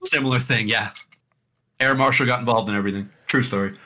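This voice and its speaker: A man co-hosting a podcast, telling deadpan jokes in casual chat. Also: mid-range voice, fast. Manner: deadpan joking. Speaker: podcast co-host.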